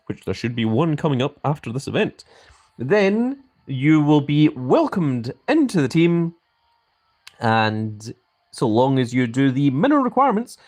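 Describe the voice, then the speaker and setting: A Scottish man hosting a live stream, his pitch swinging up and down as he talks. He speaks with a grand manner and sounds out every word with care. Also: darkish tone. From Scotland. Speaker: mobile game live streamer. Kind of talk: live stream chat reading.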